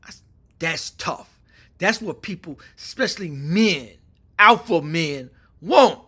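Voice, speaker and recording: A man talks through a casual opinion monologue, loose and animated. His voice sits high for a man and has a bright, forceful edge. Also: measured pace, husky. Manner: animated, acts out quoted phone calls. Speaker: political commentator.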